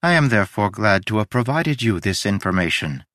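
A man's voice: on the low side, very animated, brisk, a bit bright, no echo, studio quality. A man voicing a polite, formal, literal-minded male ship AI in an audiobook, precise and courteous. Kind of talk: audiobook character reading.

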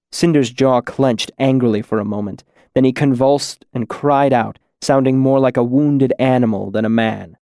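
A man narrating a fantasy story in a measured, deliberate reading. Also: mid-range voice, darkish tone, no echo, studio quality. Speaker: audiobook narrator.

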